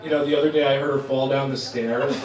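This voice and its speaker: A man from Trenton, New Jersey, doing a profane, self-deprecating stand-up set and laughing at his own jokes. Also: mid-range voice. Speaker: stand-up comedian. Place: comedy club stage. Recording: roomy club sound, mic at a distance, audience.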